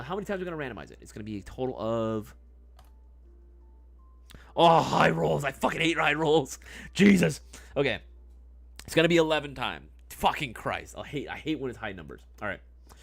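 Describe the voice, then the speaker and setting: A man hosting a casual livestream giveaway, joking and swearing, talking back to the live chat. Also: medium pitch. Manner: swears loosely; mock ASMR murmur. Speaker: livestream host.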